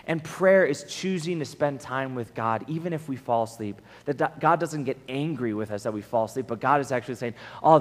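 A young man giving a casual, conversational sermon at a camp, earnest and often checking in with the room. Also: on the high side. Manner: earnest, acts out prayers in quoted voices, asks the room "right?". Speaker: camp speaker. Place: large meeting hall at a camp. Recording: long hall reverb.

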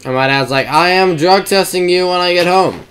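A young man rambling through casual gameplay commentary, swearing and breaking into excited shouts. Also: high-pitched, moderate pace, clear, resonant tone. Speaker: gamer.

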